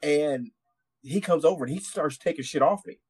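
A man's voice: fairly high pitch, fast, husky, no echo. A man, a military veteran, tells a war story on a podcast in a rambling, profane way, with many restarts. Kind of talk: casual storytelling.

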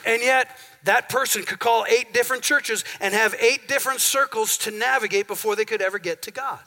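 Guy pastor giving a sermon, kinda high bright voice, folksy, keeps asking for amens. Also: brisk. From central Minnesota. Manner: conversational, asks congregation for amens. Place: church sanctuary.

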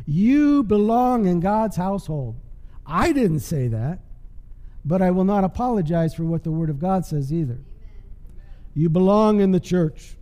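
A man's voice: sits high, warm tone. A male pastor preaching a sermon in an emphatic, call-and-response style, checking in with the congregation. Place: church. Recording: long hall reverb.

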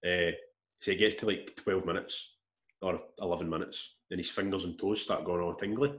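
A man telling a long story in casual chat, rambling and animated, with restarts and swearing. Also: sits low, normal speed. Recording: echoey room.

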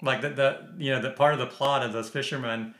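A man's voice: medium pitch, fairly even intonation, fairly quick, fairly bright tone. A man discussing a film in a casual panel chat, who often restarts and repeats words while building his point. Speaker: film critic. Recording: roomy echo.

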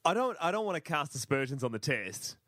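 Bright, wry man cracking quips. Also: a little high, very animated, a little fast, no echo. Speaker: podcast co-host. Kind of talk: casual chat.

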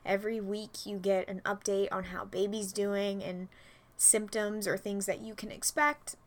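A young woman hosting a casual solo chat, slightly out of breath, talking in a loose, chatty way with soft breathy asides. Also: medium pitch, little pitch movement, measured pace. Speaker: podcast host.

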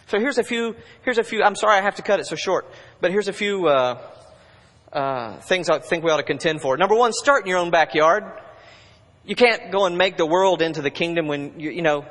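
A male pastor preaching a sermon in a church, conversational, moving between urgent bursts and hushed asides. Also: sits high, brisk. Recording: long reverb of a large hall.

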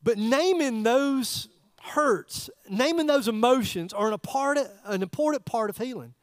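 High-voiced pastor preaching folksy. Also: male voice, animated, measured pace, no room sound. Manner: conversational, folksy preaching with direct audience questions. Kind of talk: sermon. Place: church service.

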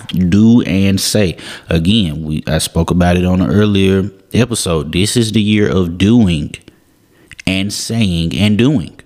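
A man's voice: sits low, darkish tone. A young man, teaching a Bible passage in an earnest, casual way and often repeating and restarting his words. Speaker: devotional podcast host.

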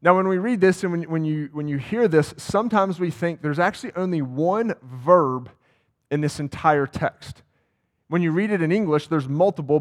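Conversational pastor preaching. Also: male voice, on the high side. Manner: conversational, asks the congregation questions. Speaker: campus pastor. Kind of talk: sermon. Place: church sanctuary.

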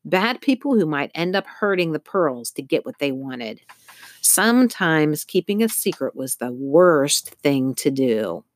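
A woman with a low voice narrates a novel, reading expressively and shaping each scene with care. The recording is dry and close, with no room sound. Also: sing-song, measured pace, dry recording. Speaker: audiobook narrator. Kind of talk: scripted narration.

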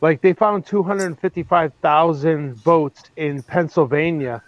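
A man's voice: fairly high pitch, unhurried, background noise. A man with a Boston accent calling in from outside, talking bluntly and plainly about his area. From Massachusetts. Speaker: caller, field reporter. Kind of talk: casual phone-in report. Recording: dry, dull lo-fi call audio.

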